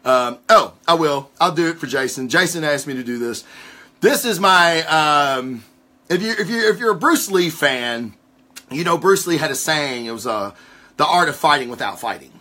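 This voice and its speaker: A man's voice: fairly high pitch, expressive, normal speed, sharp tone. A man giving a casual solo comic book review, rambling with many restarts and frequent swearing.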